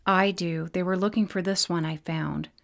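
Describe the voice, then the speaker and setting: A proud, hot-tempered winged male warrior gives short, commanding lines, as a woman narrator reads him. The voice is fairly low and clipped, like a fantasy audiobook. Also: steady tone, normal speed, creaky. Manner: terse and commanding.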